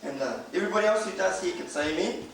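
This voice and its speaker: A man's voice: high voice, animated, racing, a crowd in the background. A middle-aged man, preaching a sermon and telling humorous stories from his family life. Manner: storytelling with humor, acts out quoted voices. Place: church hall. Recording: echoey hall, distant mic, audible noise.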